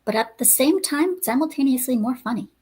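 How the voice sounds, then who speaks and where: A woman's voice: high voice, animated, fairly quick, a little mellow, slightly rough. Blunt, ranting woman podcast host. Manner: blunt, ranting, profane, with many fillers. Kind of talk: casual podcast chat.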